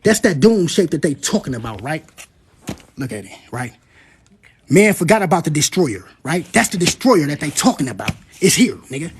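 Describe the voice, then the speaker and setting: A man gives animated, profane commentary, breaking into loud, dramatic scripture readings. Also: a little high, normal speed, slight background noise.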